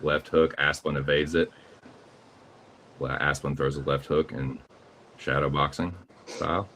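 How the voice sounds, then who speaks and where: A man's voice: rumbling low, flat delivery, unhurried, fairly bright tone, slight background noise. A man with a Southern US accent calling live fight action play by play, casual and profane. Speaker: play-by-play commentator.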